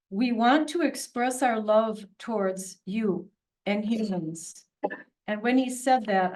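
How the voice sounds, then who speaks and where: A woman giving a public talk, telling a personal story in an earnest, emotional way with many halting restarts. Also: mid-range voice, darkish tone, recorded from a distance. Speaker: presenter. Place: public meeting hall.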